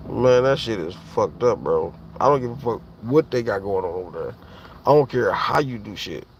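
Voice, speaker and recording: A man's voice: on the low side, expressive, normal speed, muffled recording, slight background noise. A man, talking casually and profanely to his viewers on a livestream, rambling and speaking straight to the chat.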